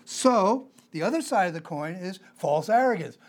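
A man's voice: sits high, lively intonation, normal speed. A man preaching a conversational sermon, emphatic and repeating his key phrases.

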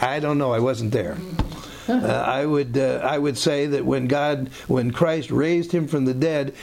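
A man's voice: fairly high pitch, darkish tone. A man giving an informal Bible teaching in a conversational, rambling way, with frequent restarts and asides.

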